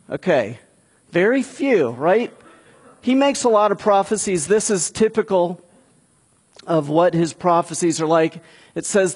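A man's voice: on the high side, slightly rough. A man preaching a sermon in a conversational way, building to emphatic peaks. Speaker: pastor.

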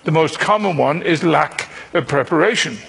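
A man preaching a sermon, teaching slowly and deliberately, repeating key phrases for emphasis and slipping in dry humor. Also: a little high, lively intonation, creaky, fairly bright tone.

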